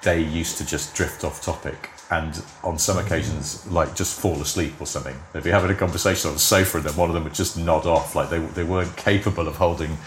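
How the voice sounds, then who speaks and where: Deep-voiced British man, roomy sound. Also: steady tone, quick pace, hardly any pauses, a little hiss or hum. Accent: British English. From Britain. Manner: chatty and wry, with frequent self-interrupting restarts. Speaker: guest, TV script editor and motoring journalist. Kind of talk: casual podcast conversation. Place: at home, near a garden.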